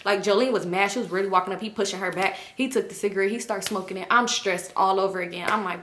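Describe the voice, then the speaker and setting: A young woman vlogger telling a storytime, animated, acting out quoted voices and swearing freely. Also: mid-range voice, fast. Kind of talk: casual storytime.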